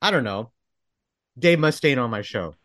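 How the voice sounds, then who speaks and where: A man's voice: medium pitch, animated, moderate pace, a bit bright. A young man hosting a podcast over a video call, laid-back and agreeable, often saying "dude" and "man". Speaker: podcast host. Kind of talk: casual podcast chat.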